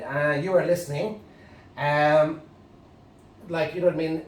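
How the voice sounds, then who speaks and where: A man with an Irish accent, teaching an English grammar lesson to camera, halting and full of fillers and restarts. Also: fairly high pitch, steady tone, slight background noise. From Ireland. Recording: echoey room, mic at a distance.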